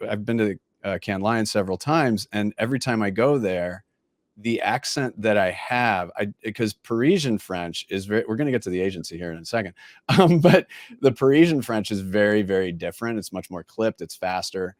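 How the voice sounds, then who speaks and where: A man's voice: fairly low pitch, normal speed, no echo, clean studio sound. An American man hosting a casual interview, chatty and self-deprecating. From United States. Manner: chatty and self-deprecating, switching between French and English. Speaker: podcast host.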